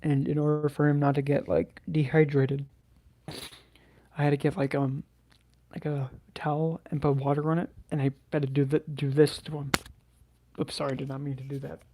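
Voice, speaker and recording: Subdued man with a flat, mellow voice. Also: fairly high pitch. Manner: halting, hesitant, with many restarts and sighs. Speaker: channel host. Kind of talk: personal storytelling to camera.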